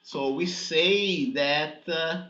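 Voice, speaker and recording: Speaking extremely slowly, a man whose voice is a little high, pushed and bright teaches a physics class step by step. He keeps checking in with "okay?" and "right?" throughout this classroom lecture, recorded with an echoey, dull sound.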